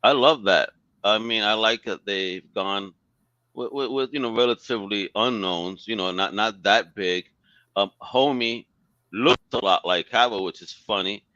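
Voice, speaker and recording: A man's voice: lowish voice, measured pace, bright, forceful tone, no room sound, highs cut off. A man co-hosting a casual live talk show, blunt and opinionated, swearing heavily.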